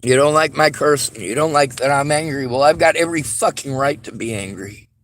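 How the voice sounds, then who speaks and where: A man delivering a bitter, angry vlog monologue, swearing heavily and rising into shouts. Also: mid-range voice, a little fast, a little hiss or hum. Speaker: vlogger.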